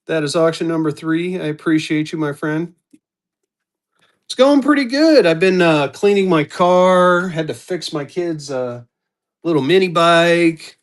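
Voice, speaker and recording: A man's voice: fairly high pitch, measured pace. A man hosting a live-stream auction, chatting casually and calling out bidders as they come in. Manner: upbeat, chatty, calls out bidders.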